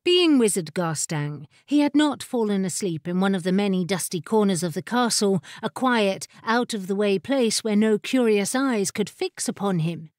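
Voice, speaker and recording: A woman's voice: mid-range voice, dry recording. Woman narrating an audiobook, dry close sound. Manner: measured, expressive storytelling. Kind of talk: scripted narration.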